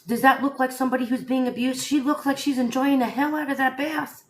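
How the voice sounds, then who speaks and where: In an echoey room, a woman with a high-pitched, brisk voice hosts a laid-back live stream. She is animated, talks right to her viewers, and peppers them with rhetorical questions.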